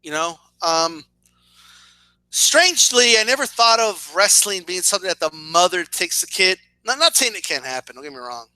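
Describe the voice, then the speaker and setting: A man's voice: sits high, big pitch swings, normal speed, bright, forceful tone, dry recording. A man in his thirties ranting in a casual video, sarcastic and profane, often stumbling over and repeating words as he gets worked up. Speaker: boxing and wrestling commentator.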